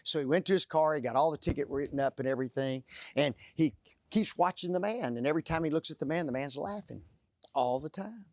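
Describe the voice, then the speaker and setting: Male preacher with a slightly high, dry-sounding voice; lively storyteller who prompts listeners to finish his sentences. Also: fast, dry recording. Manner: asks the audience fill-in-the-blank questions; animated storytelling. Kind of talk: sermon.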